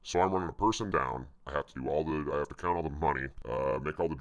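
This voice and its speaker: A man's voice: very deep voice, quick pace, lo-fi sound. A man casually telling rambling, profane stories from his restaurant job. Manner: profane, rambling, self-mocking. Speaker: vlogger telling work stories. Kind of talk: casual storytelling.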